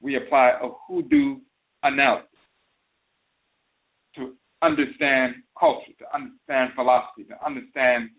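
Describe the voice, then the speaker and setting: A man delivers an explanatory lecture as the host of a talk radio show, speaking at an ordinary middle pitch. He slows down to repeat and spell out terms. The sound is thin and narrow, as if carried over a phone line. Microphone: phone call into a talk radio show.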